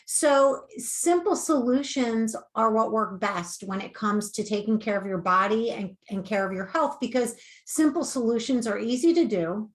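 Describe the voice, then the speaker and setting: A woman coach giving earnest, animated advice in a conversational interview. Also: fairly high pitch, normal speed, few pauses. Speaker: weight-loss coach.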